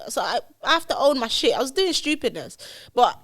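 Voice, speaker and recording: A woman's voice: a little high, sing-song, a little fast, dry recording. A woman, a podcast guest telling her life story candidly and acting out the dialogue, recorded on a studio podcast mic. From London, England.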